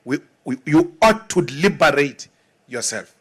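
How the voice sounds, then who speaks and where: A political leader giving an emphatic, deliberate speech with mocking asides. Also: male voice, a little high, expressive, slightly rough. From South Africa.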